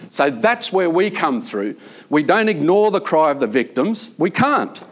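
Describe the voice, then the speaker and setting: Prison chaplain, male, a little high-voiced, earnest and rambling in an informal faith talk. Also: very animated, measured pace. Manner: earnest, rambling storyteller with many fillers.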